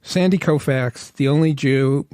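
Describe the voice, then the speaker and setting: A man's voice: on the high side, a little slow, a little mellow, clean tone, dry recording, studio quality. A man from Los Angeles, co-hosting a podcast, telling stories in a chatty, laughing way. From Los Angeles, USA. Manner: chatty storyteller who laughs often. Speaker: podcast co-host. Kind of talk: casual podcast chat.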